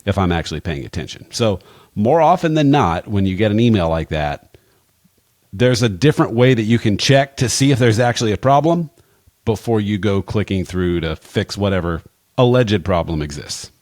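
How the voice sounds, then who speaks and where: A man with a lowish voice talks through everyday money risks in a plainspoken, wry way. He drops in casual asides. The sound is close and dry, with no room around it. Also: lively intonation, moderate pace, a little mellow, no echo. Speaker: financial advisor, podcast guest expert. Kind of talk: casual conversational advice.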